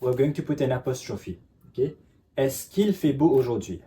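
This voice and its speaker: A male teacher giving a lesson, who says "ok" after nearly every phrase and spells out slow, emphatic examples. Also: mid-range voice, animated, mellow. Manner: repeats "ok" constantly, checks understanding, slow emphatic examples. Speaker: French teacher. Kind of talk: classroom lesson explanation.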